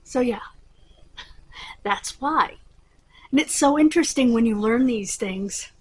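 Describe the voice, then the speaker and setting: Middle-aged woman host, husky and a little high-pitched, loose and rambling to camera. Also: expressive, slow pace, poor audio. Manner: rambling, chatty, with many fillers. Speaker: channel host. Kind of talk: casual chat to camera.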